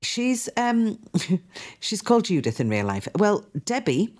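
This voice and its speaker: A woman's voice: medium pitch, sing-song, slow pace, darkish tone. A woman presenting on a radio show, chatting enthusiastically about a TV series she has been watching. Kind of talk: casual chat on a radio show.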